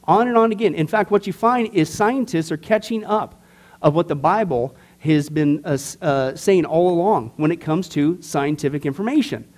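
A man's voice: on the high side, moderate pace, a little mellow. A man teaching a Bible study class in a casual, emphatic way, cracking jokes and asking the group questions.

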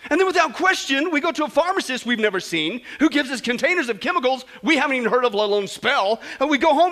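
Animated preacher guy, high and bright, jokey, voice jumps around a lot. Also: quick pace, hardly any pauses. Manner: animated, jokey, acts out stories and swings between loud and soft. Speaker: pastor. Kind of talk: sermon.

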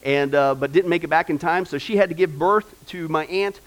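Guy preaching a sermon, high voice, lots of uhs, animated storytelling. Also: brisk. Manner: animated storytelling, many fillers. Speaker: pastor.

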